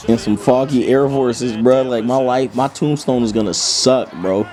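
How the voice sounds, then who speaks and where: A young man from Kentucky hosting a gaming channel, telling a comic story in slangy, jokey, animated speech. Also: mid-range voice, normal speed, few pauses. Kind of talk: comic story time over gameplay.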